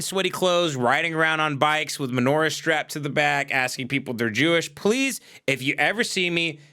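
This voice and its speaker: A man hosting a livestream on a desk mic, ranting in a profane, exasperated way and shouting at times. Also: on the high side. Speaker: livestream host. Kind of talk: casual ranting monologue.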